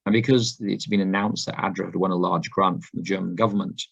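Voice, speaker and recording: A man giving a sermon talk to a congregation, hoarse after laryngitis, unhurried and full of ums and uhs. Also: low-pitched, fairly even intonation, fairly bright tone. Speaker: guest speaker. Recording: dull lo-fi recording.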